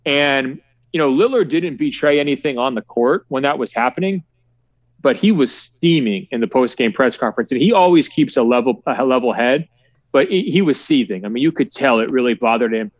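A male sportswriter guest telling relaxed stories with lots of fillers in a conversational interview. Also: medium pitch, a little fast, no echo, lo-fi sound. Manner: relaxed storytelling with many fillers.

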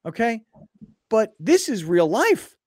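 A sports radio host with a fairly high voice that swings up and down as he tells his stories. He acts out little scenes, and the studio sound is dry and close. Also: takes it slowly, no echo. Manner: animated storytelling, acting out scenes. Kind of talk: casual sports talk.

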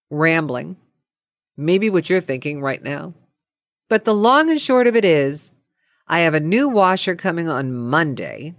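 A woman's voice: lowish voice, no echo. A woman telling a comic everyday story in a casual, exasperated, self-mocking way.

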